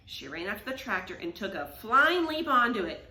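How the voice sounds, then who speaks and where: A woman reading a picture book aloud to children, animated and asking them questions. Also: fairly high pitch, normal speed, hardly any pauses, roomy sound. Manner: animated, asks the listeners questions. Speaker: reader to children.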